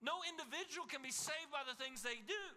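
A man's voice: very high-pitched, fairly quick, sharp tone. A man preaching a sermon as pastor, with emphatic repeated phrases that rise and fall. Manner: preaching with emphatic repetition, rising and falling. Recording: long hall reverb.

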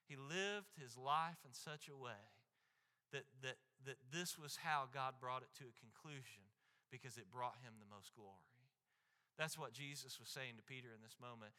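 Bright, clear-voiced male preacher. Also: medium pitch, normal speed, big-room sound. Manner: earnest storytelling, often repeats and restarts words; speaks to the crowd directly, asking "right?". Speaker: pastor. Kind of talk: sermon.

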